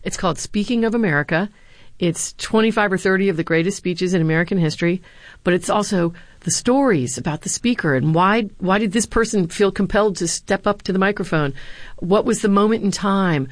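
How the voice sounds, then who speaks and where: Female former speechwriter and lecturer, low-pitched, earnest storyteller, dry studio sound. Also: fairly quick, dry recording. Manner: earnest, anecdotal, with some fillers. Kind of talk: interview answers, storytelling.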